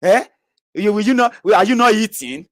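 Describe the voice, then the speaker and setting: A man's voice: high-pitched, animated, moderate pace, no room sound, studio quality, pitched above the performer's own voice. A man voicing a sneering male online critic who taunts with scornful questions. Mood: mocking.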